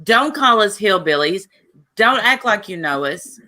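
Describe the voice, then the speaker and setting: Woman, bright voice, insistent, defensive, live stream chat. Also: medium pitch, expressive, measured pace.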